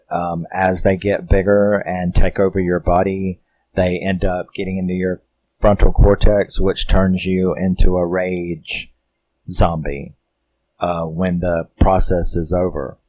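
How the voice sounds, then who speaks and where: Man, deep voice, rambling and profane plot recap for a horror film review. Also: darkish tone, poor audio. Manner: rambling and profane, with many fillers.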